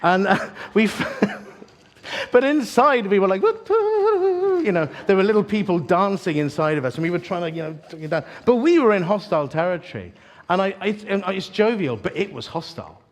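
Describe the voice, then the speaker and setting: Joking preacher telling stories. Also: male voice, high voice, moderate pace. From East London. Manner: animated, joking storyteller with asides to the audience. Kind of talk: sermon.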